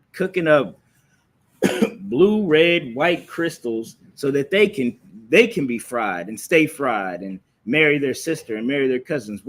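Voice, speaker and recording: A man with a medium-pitched voice teaches a religious class live, streaming from a phone or computer. He preaches and scolds, asking rhetorical questions and repeating phrases for emphasis.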